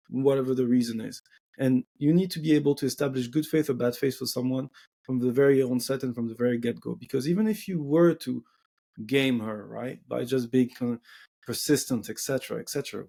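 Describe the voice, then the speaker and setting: Gravelly French-accented man, blunt. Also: a little high, a little mellow. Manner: blunt, swearing, acts out quotes in shifting voices. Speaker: podcast host. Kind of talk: casual podcast talk.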